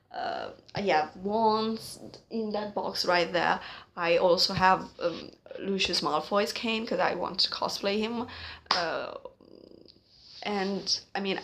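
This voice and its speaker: A woman in her late twenties talking at home in an earnest, halting vlog monologue, full of pauses and fillers. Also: mid-range voice, gravelly, a bit bright, slight background noise. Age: late 20s. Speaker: vlogger. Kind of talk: casual spoken monologue.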